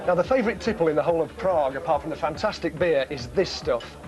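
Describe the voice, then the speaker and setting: A man hosting a comedy magic show gives quick, cheeky patter on a city street. His voice sits a little high for a man. Crowd noise carries clearly behind him. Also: animated, over music. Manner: cheeky, chatty, joking. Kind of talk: comic street patter to camera.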